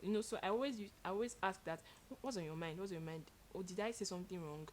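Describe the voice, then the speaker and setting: A young woman telling stories in a casual chat with her partner, expressive and animated, laughing as she goes. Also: fairly low pitch, quick pace, a little hiss or hum. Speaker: co-host.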